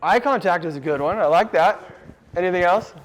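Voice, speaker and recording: Man, slightly high voice, casual workshop presenter, laughs easily, keeps quizzing the crowd. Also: fairly quick. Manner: chuckly, quizzes the audience often. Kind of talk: casual audience lecture. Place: room with a live audience.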